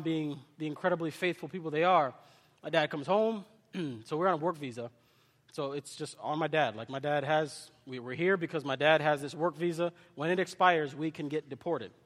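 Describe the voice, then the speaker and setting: A man's voice: on the high side, a bit bright, in a large hall. A man preaching a sermon, born in Kenya and raised in the US with no accent, shifting between impassioned exhortation and personal storytelling. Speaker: pastor.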